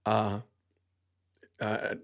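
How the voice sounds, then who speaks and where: Talking extremely slowly with a fairly bright tone, a middle-aged man hosts a podcast. He offers strong opinions, poses emphatic rhetorical questions, and repeats points often.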